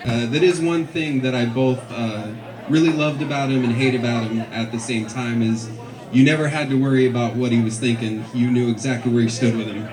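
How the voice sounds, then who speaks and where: A man's voice: medium pitch, steady tone, a little fast. Wry man joking at a memorial. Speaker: memorial speaker. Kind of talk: humorous eulogy. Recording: echoey hall with crowd.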